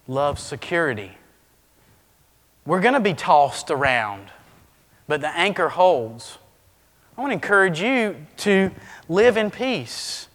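Man, preacher, lively sermon, acts out stories, high voice, echoing hall. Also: slow pace, long pauses. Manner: animated, acts out scenes with shifting voice.

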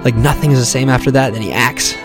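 A man's voice: mid-range voice, fast. A young man telling a comic personal story in a casual, profane, self-mocking way, full of fillers. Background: music.

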